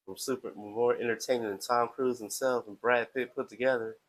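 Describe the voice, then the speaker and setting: A man's voice: mid-range voice, steady tone, a little fast, poor audio. A man hosting a live stream, talking casually in a playful, chatty, self-promoting way.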